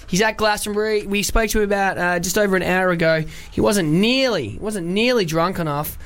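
Chatty man with a high voice. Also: brisk, fairly bright tone. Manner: rambling, laughing storyteller with many fillers. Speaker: radio host. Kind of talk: casual radio chat and anecdote.

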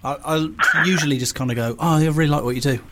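A man's voice: a little high, quick pace, very noisy. A man co-hosting a radio show, joking in a dry way. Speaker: radio co-host. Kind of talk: casual radio chat.

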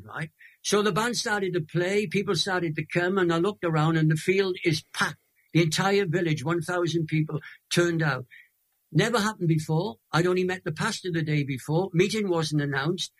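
Husky welsh guy in his 80s, kinda high voice, tells his story with lots of drama. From Wales. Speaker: guest. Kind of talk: emotional testimony storytelling.

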